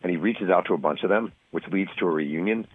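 Man, from New York, interview guest, very low voice, husky, rapid storytelling, radio broadcast sound. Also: low-quality recording. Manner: fast, animated storytelling, acting out quoted voices. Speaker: author and guest.

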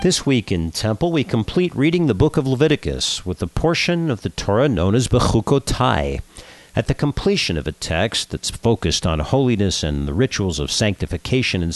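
Man hosting a radio show, lively storytelling, low voice, dry. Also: dry recording. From Southern California.

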